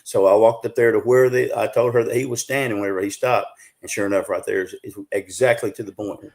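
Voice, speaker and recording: On a live show, a middle-aged Southern American man who's a guest Bigfoot researcher tells a long story in a folksy, drawn-out style. His fairly low voice stays steady and slightly dark, and he relies heavily on fillers and restarts as he rambles along casually.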